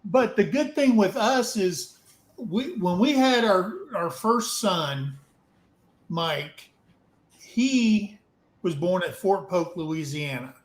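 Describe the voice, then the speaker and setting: A man's voice: high-pitched, animated, slow pace, echoey room, low-quality recording. A man casually telling a frank, rambling story to a livestream audience, swearing now and then. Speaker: open mic storyteller.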